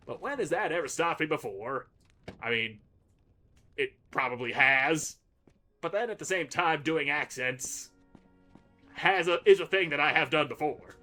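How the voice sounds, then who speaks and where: Bright-voiced man trash-talking through gameplay. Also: a little high. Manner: brash, crude, sarcastic trash talk. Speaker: gaming channel host. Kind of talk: gameplay commentary.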